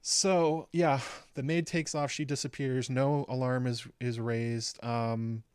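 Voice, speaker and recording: Guy chatting thru a show recap, average pitch, ums everywhere, dry recording. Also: darkish tone, clean tone, no echo. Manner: conversational, frequent "um" fillers, recapping plot step by step. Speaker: YouTube show host. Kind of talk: casual episode breakdown commentary.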